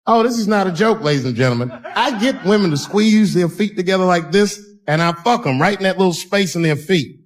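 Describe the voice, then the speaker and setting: Middle-aged man, stand-up comedian, profane, conversational, pitch leaping around, stage mic. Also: expressive, a little fast. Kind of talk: stand-up storytelling. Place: stage before a live audience.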